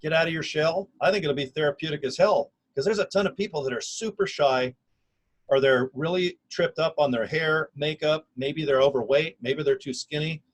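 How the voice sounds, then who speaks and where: A man in his fifties speaks straight to his own camera in an energetic, folksy pitch. His voice sits a little high for a man, and he leans on slang and punchy emphasis as he talks. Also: moderate pace, low-quality recording. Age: 50s. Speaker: online business recruiter. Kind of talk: casual self-recorded video pitch. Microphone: camera or phone mic.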